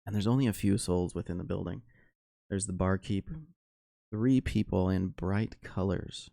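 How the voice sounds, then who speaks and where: Gravelly-voiced man narrating a solo tabletop game. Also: deep voice, fairly even intonation, dark tone, dry recording. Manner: unhurried, with many fillers. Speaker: game master and solo player.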